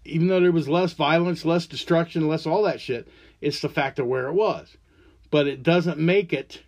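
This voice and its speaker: A man's voice: a little high, a little mellow, highs cut off. A man hosting a solo podcast, delivering an angry, profane, rambling rant. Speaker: podcast host.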